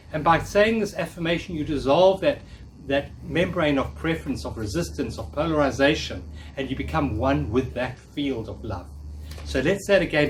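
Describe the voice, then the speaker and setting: A man in his fifties giving a live talk, coaching and encouraging the audience in a room. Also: a little high. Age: 50s. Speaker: workshop speaker. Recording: distant mic, faint noise.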